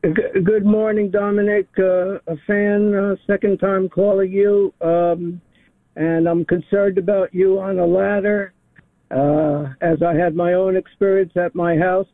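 Older male caller in his 70s, high voice, halting, heard over a tinny phone line. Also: little pitch movement, no room sound. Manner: halting, many fillers. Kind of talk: call-in radio talk.

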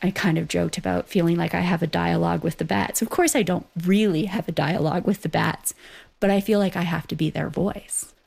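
A woman's voice: on the low side, steady tone, brisk, creaky, darkish tone, husky. A Canadian woman rancher talking earnestly about the wildlife on her land, recorded outdoors on her ranch. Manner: earnest, heartfelt. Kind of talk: casual interview.

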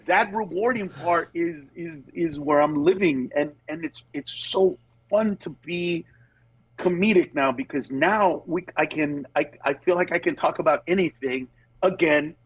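Animated husky-voiced male comedian. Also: fairly high pitch, unhurried, dry recording, rough recording. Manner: animated storyteller, acts out quoted voices with laughs. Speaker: comedian guest. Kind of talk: phone interview chat. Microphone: phone line with Bluetooth.

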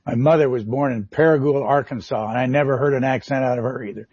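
An older man hosting a broadcast interview, speaking in a measured, formal way. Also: mid-range voice, darkish tone, slightly rough, no echo, highs cut off. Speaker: TV interview host.

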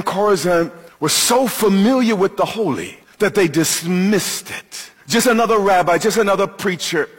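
A man preaching a sermon as pastor, emphatic, with dramatic pauses and questions to the congregation. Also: high voice, breathy edge, in a large hall.

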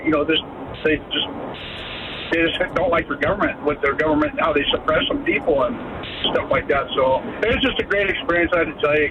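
A man in his fifties calling in to a radio show, telling a heartfelt story in a rambling way. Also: on the high side. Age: 50s. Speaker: caller. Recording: tinny phone line with noise.

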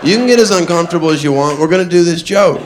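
A man doing a stand-up comedy set on a club stage, deadpan and self-amused, often laughing at his own jokes. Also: a little high, racing. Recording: live club recording with background noise.

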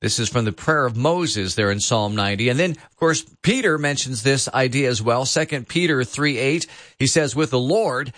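A man's voice: mid-range voice, animated, moderate pace, a bit bright. A man hosts a Bible quiz on the radio, reading verses aloud and leaning on key words as he explains them. His voice sits in a middle register. The studio sound is dry and close, with no room echo. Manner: reads scripture aloud, explains words with emphasis. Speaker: radio host.

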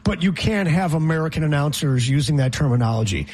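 A man co-hosting a loose comedy podcast, ranting with sarcastic jabs. His voice is husky and sits a little high. He talks freely, bouncing between jokes and complaints. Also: expressive, fast, a little mellow. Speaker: podcast co-host. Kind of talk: casual comedic chat.

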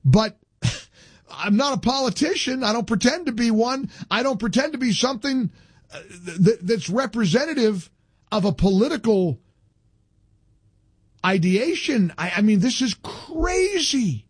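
A man's voice: very high voice, lively intonation, measured pace, breathy edge, dry recording. A man hosting a talk radio show, combative and insistent, hammering points home by repeating phrases.

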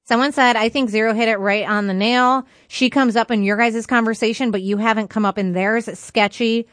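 A woman's voice: fairly high pitch, steady tone, brisk, fairly bright tone, dry recording, studio quality. A woman co-hosting a radio talk show, chatting and reading listener comments aloud. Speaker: radio co-host.

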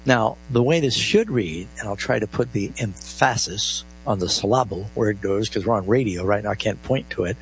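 A man's voice: fairly low pitch, lively intonation, moderate pace, hardly any pauses, soft background music, low-quality recording. A man hosting a live call-in Bible radio show, explaining scripture and reading verses aloud with stressed emphasis.

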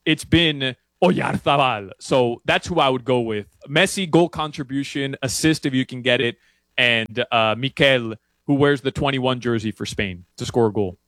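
A man talking soccer betting picks as a guest, rambling with many restarts and getting animated. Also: medium pitch, normal speed, dry recording. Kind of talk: casual sports talk. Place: Miami area.

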